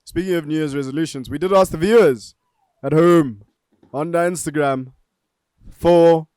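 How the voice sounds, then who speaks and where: A man's voice: on the high side, a little mellow, clear, resonant tone, no room sound. A man co-hosting a casual podcast, teasing and laughing often. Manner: laughs often, teasing, drawn-out joking bits. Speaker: podcast co-host. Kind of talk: casual chat.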